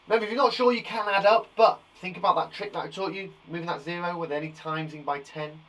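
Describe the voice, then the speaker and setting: A man's voice: high voice, fairly even intonation, quick pace, fairly bright tone. A young man teaching a live maths lesson for young children, encouraging and reassuring, thinking aloud as he counts up in tens.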